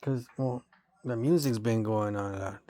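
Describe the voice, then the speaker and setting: A man's voice: lowish voice, moderate pace, mellow, no echo. A man from Romania ranting in a rambling, profane monologue, tossing in bro and dog all the time. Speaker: vlogger.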